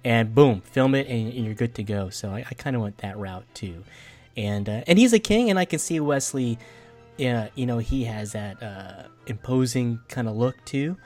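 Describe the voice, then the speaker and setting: Rambling, laughing man at mid pitch. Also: expressive, moderate pace, darkish tone, faint music behind. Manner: rambling, laughing often, many fillers. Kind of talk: casual chat.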